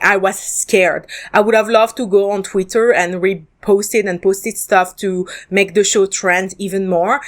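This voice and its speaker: Woman, solo podcast host, casual review, candid, chatty, ums and restarts, mid pitch. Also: a bit bright.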